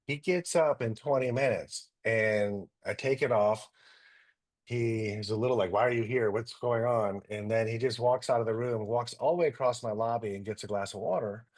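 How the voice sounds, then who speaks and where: A middle-aged man, a doctor, telling lively anecdotes and acting out what people said. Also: fairly low pitch, normal speed. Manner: animated anecdotes, acting out quotes. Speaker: guest doctor. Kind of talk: storytelling in a talk.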